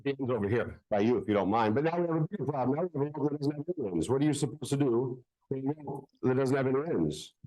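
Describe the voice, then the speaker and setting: Male kids' magician, bouncy sing-song patter, warm mellow tone, playful. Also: mid-range voice, lively intonation, fast talker, hardly any pauses, lo-fi sound. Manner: playful, joking with the crowd. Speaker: children's magician. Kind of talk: live magic show patter. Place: public library event.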